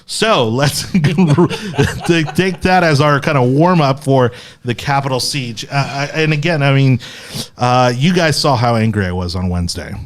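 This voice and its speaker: A man's voice: medium pitch, unhurried. A man hosting a casual political podcast, giving opinionated and impassioned commentary. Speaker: podcast host.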